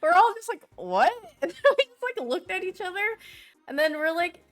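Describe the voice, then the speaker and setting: A woman's voice: very high voice, animated, brisk, faint music behind. A young woman streamer chatting casually with her viewers, rambling through stories and laughing often. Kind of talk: casual livestream chat, answering viewers.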